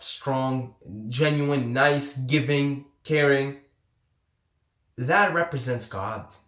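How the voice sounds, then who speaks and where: A man's voice: medium pitch, fairly bright tone. A man from Syria casually telling a story, laid-back and rambling with lots of fillers. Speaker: self-help vlogger. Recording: echoey room.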